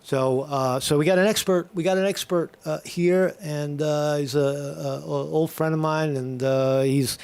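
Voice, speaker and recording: A man's voice: on the high side, fairly even intonation, a little slow, hardly any pauses, darkish tone, smooth. A man hosting a live morning stream in a casual, irreverent way, full of fillers and restarts. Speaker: host of a live morning show.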